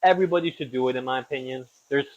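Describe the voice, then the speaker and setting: A young man hosts a podcast from his home kitchen, cooking as he chats casually and rambles, tossing in self-deprecating asides. His medium-pitched voice is a little mellow and races along very fast. The lo-fi audio sounds slightly dull.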